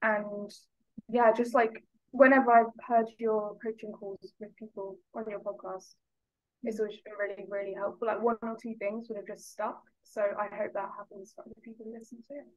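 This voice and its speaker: A woman's voice: mid-range voice, little pitch movement, moderate pace, lo-fi sound. A young woman from the UK, a podcast guest, talking hesitantly with lots of filler words. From United Kingdom. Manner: hesitant, lots of "like" and "I don't know". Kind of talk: casual interview chat.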